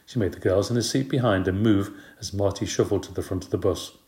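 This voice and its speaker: A man reads a children's storybook aloud in a low voice. His reading is steady and expressive. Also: brisk. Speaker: audiobook narrator. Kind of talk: storybook narration.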